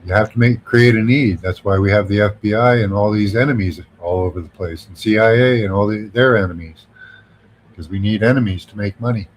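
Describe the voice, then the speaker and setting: A man in casual chat, speaking in a cynical, unhurried way with some hesitation. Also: lowish voice, a little hiss or hum, low-quality recording.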